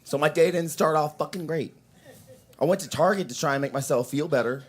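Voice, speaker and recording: A young man doing a crude, rambling stand-up set at an open mic in a coffee shop, breaking into shouted impressions now and then. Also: on the high side, brisk, husky.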